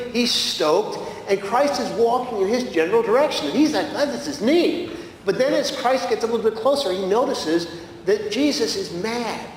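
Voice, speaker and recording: A man preaching a sermon in a church, telling a story in an animated, conversational way with restarts. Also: high-pitched. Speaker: guest preacher. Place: church sanctuary. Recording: echoey church hall, long reverb, faint noise.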